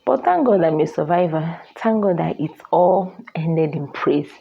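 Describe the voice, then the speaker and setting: A woman's voice: on the low side, lively intonation, unhurried, gravelly, slightly rough. A young Nigerian woman vlogger with a Nigerian accent, telling her own story in an earnest, emphatic way that repeats phrases for weight. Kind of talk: personal storytelling to camera. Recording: dull lo-fi sound.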